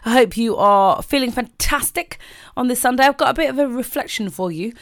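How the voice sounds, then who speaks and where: A woman's voice: on the high side, fairly quick, no room sound, clean studio sound. A woman presenting on the radio, chatting casually between tracks, self-mocking and trailing off with fillers.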